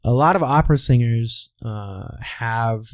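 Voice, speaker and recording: A man's voice: medium pitch, a little slow, no room sound. A man from Kansas, working as a voice coach, talking through stories in an interview and often checking in with "all right". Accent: Midwestern American, softened. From Kansas, USA. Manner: explains with anecdotes, says "all right" often. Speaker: voice coach guest. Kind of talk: conversational interview.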